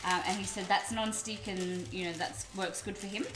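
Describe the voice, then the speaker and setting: A woman's voice: mid-range voice, fairly even intonation, normal speed. An Australian woman from Melbourne hosting a live cooking stream, chatting casually with viewers as she cooks. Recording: roomy echo with music behind.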